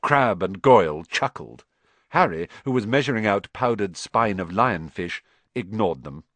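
A man narrating an audiobook with expressive storytelling. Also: on the low side, a little slow, no room sound. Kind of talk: scripted narration.

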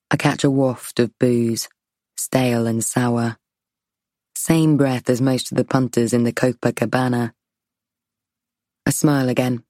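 A woman's voice: extremely low pitch, mellow, no room sound, clean studio sound. A woman reading a first-person story, her inner monologue tense and wry. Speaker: audiobook narrator. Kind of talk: first-person scripted narration.

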